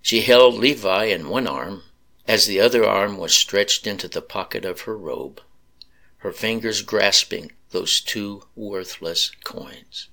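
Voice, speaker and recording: A man slowly narrating a sad story in a solemn reading voice. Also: lowish voice, gravelly, sharp tone.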